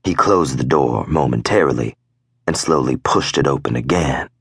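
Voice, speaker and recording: A man narrating a first-person audiobook in a gruff, growling way, with profane tough-guy dialogue. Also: extremely low pitch, moderate pace, fairly bright tone, no echo, studio quality.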